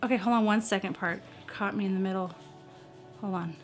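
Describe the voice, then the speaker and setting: A middle-aged woman chatting casually at home in a vlog, excitable and gushing, often squealing. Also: medium pitch, brisk, faint music behind. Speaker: vlogger. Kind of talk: casual chat.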